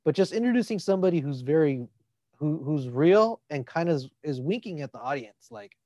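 Expressive man with a dry sound. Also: on the high side, fairly quick, no echo. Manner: expressive, profane, thoughtful. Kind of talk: casual movie chat.

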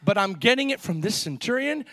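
A pastor preaching a lively sermon, with call-and-response and quick asides to the congregation. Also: male voice, high voice, no room sound.

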